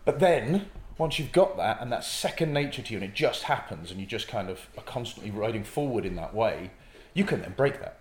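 Animated man in an echoey room. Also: on the low side, fairly quick, a little hiss or hum. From North East England. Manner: animated storyteller acting out little scenes. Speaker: improv comedian guest. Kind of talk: casual interview chat.

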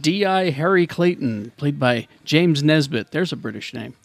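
A man reading news on a casual podcast, his voice sitting a little high. He jokes in between the items he reads aloud. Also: expressive, normal speed, vocal fry, no room sound. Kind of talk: casual chat.

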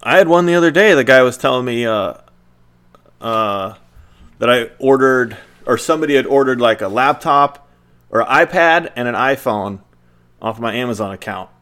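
Man, podcast co-host, casual chat, animated storytelling, swears a lot, medium-pitched voice. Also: normal speed.

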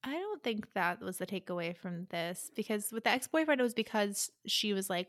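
A young woman co-hosts a casual podcast chat and recaps scenes with opinionated energy. Her voice is bright and forward. The sound is close and dry. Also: medium pitch, moderate pace, no echo. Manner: opinionated, animated retelling with quoted voices. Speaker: podcast co-host. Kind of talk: casual chat discussing a romance book.

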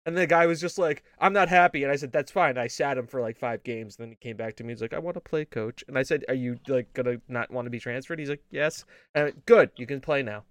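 A man's voice: medium pitch, fast talker, few pauses, no echo, clean studio sound. A man co-hosting a casual gaming show, telling rambling stories full of swearing and laughter. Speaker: podcast co-host.

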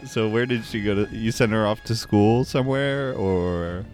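A man's voice: fairly low pitch, normal speed, a little mellow, faint music behind. A man in an improvised comedy chat, laid-back and amused.

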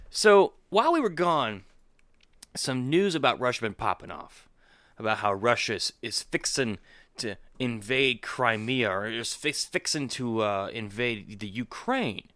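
Man, podcast co-host, lively swooping pitch, dry close sound, political rant. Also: no room sound. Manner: animated, rising to incredulous outbursts. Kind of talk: casual political commentary.

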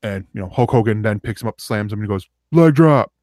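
A man's voice: fairly low pitch, flat delivery, fast, a little mellow, no room sound, clean studio sound. A man co-hosting a podcast, telling a long rambling story in casual chat and acting out the quotes. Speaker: podcast co-host.

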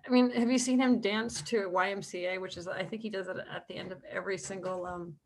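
A woman's voice: mid-range voice, fairly even intonation, fast, a little mellow. A middle-aged American woman, a historian guest, talking in a casual interview with many restarts and light laughs. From United States. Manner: hesitant restarts, laughs, earnest.

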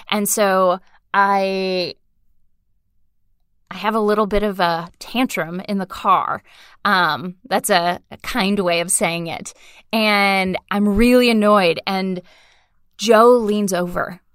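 A young adult woman co-hosting a podcast, telling a personal story in an earnest, reflective way with frequent pauses. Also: medium pitch, no echo, studio quality. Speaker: podcast co-host. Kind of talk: conversational podcast talk.

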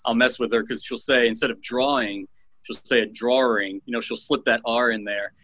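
A man, a teacher and former TV news editor, talking reflectively as a guest in a casual interview, with frequent pauses and restarts. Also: mid-range voice, steady tone, pushed and bright, rough recording. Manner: reflective, many fillers and restarts.

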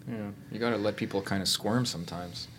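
A man's voice: fairly low pitch, fairly quick, fairly bright tone, a little hiss or hum. A man in casual conversation, speaking reflectively and searching for words. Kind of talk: casual chat.

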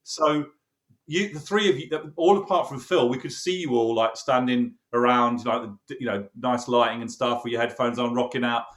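A man's voice: mid-range voice, normal speed. A man, a producer casually telling a studio anecdote, acting out the dialogue and laughing as he goes. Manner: lively storyteller, acts out quoted dialogue, laughs often. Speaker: producer recalling a recording session. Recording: roomy echoey sound.

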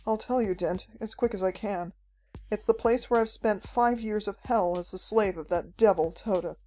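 A woman's voice: mid-range voice, normal speed, warm tone, soft background music, close to an everyday voice, poor audio. A woman doing a frantic old professor. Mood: explaining. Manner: chattering, panting. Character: frantic elderly male professor, fugitive.

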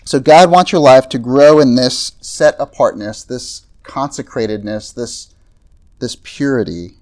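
A man's voice: mid-range voice, a little slow, a little mellow. A man preaching a sermon to a campus group in a casual, conversational way, tossing in asides and filler words. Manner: conversational, frequent "right?" and "like" asides. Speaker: pastor. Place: evening talk to a campus group.

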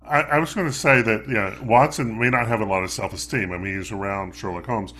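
A man's voice: on the low side, brisk, sharp tone. A man co-hosting a casual book discussion. He jokes and laughs often. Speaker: podcast co-host.

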